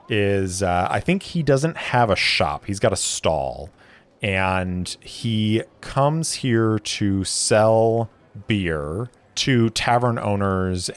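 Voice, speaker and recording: Man, game master, solo tabletop game narration, slow, relaxed, thinking aloud. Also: fairly low pitch.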